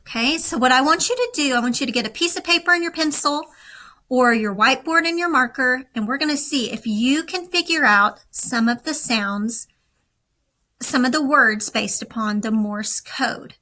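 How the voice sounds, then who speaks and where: A woman teaching a recorded lesson, speaking slowly and deliberately to young students. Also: sits high, pushed and bright, rough recording. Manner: slow, deliberate, instructive.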